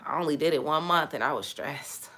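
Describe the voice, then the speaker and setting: Bright, forceful young woman host. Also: sits low, moderate pace. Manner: animated, exclamatory, addresses viewers directly. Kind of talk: casual livestream chat.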